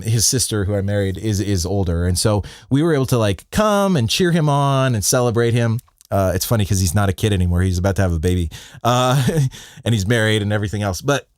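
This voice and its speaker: Animated man teaching sound design. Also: mid-range voice, no room sound, studio quality. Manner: deliberate pauses for emphasis, animated. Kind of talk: livestream teaching.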